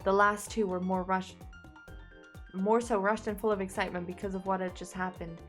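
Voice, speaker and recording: A young woman reading fanfiction aloud as a content creator, breaking in with animated, sarcastic jokes and giggles. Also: mid-range voice, normal speed, faint music behind.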